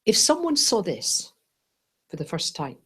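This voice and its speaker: A woman teaching a Buddhist class, playful and animated, often checking in with "right?" and "yes?". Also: on the low side, unhurried, slight background noise.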